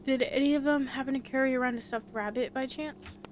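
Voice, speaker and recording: Woman doing curious young sleuth, earnest questions, light higher voice. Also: steady tone, brisk, a little hiss or hum, lightly acted. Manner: earnest, inquisitive. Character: polite young investigator searching for someone. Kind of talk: voice-acting a visual novel.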